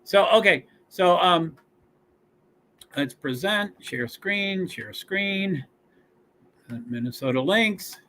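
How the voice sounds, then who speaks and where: A man hosting a casual sports watch-along stream, reading team rosters and stats aloud with many fillers, pauses and chatty asides. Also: high-pitched, expressive, sharp tone.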